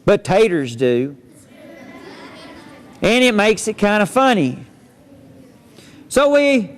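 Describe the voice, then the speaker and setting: A man's voice: high-pitched, very animated, takes it slowly, long pauses. A man, a cowboy storyteller reciting poems and tales for children in a folksy, playful drawl. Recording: long hall reverb.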